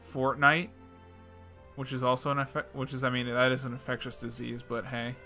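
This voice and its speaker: A young man co-hosting a podcast, making edgy jokes with sarcastic, deadpan asides in casual chat. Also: mid-range voice, normal speed, faint music behind. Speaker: podcast co-host.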